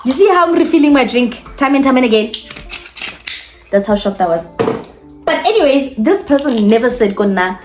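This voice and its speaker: A young South African woman telling a storytime vlog in a chatty, animated way, talking straight to her viewers. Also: sits high, normal speed, pauses often, over music. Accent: South African, mixing in Setswana. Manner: animated, chatty, code-switching, addresses viewers directly. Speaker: YouTuber.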